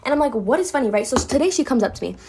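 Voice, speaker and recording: A woman's voice: high voice, sing-song, rapid-fire, background noise. A woman telling a personal story in a casual vlog, chatty and blunt, with a sassy edge and lots of "like.". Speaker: vlogger.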